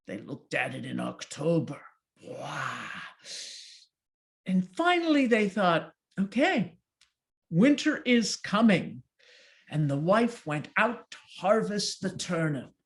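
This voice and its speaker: A woman tells a folk tale at an unhurried pace, letting each line breathe. Her pitch swings widely as she acts out the moments. She slips into character voices and grunts of effort as the story needs them. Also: gravelly. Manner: animated, acting out voices and effort sounds. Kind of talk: performed folk tale telling.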